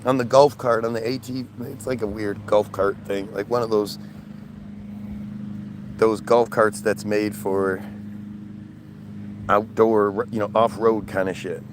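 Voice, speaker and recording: A man's voice: fairly low pitch, little pitch movement, a little slow, pauses often, background noise. A man casually telling a rambling, exasperated story to his live feed, acting out the people he quotes. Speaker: streamer.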